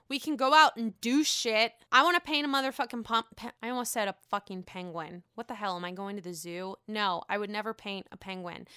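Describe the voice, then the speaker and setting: A woman's voice: fairly high pitch, pushed and bright, clear, resonant tone, no echo, studio quality. A woman hosting her own podcast alone, recapping in a gossipy, playful and profane way. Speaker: podcast host. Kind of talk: casual solo podcast recap.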